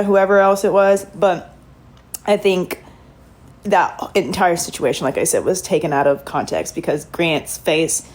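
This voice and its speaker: A woman's voice: on the low side, darkish tone, rough recording. A woman chatting casually to her viewers on a livestream while she reacts to a TV show, laughing often.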